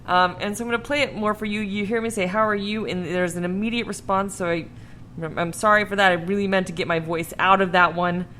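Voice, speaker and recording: A woman's voice: medium pitch, steady tone, a little fast, fairly bright tone, slight background noise. A woman hosting a podcast in casual chat, laughing often and swearing freely. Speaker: podcast host.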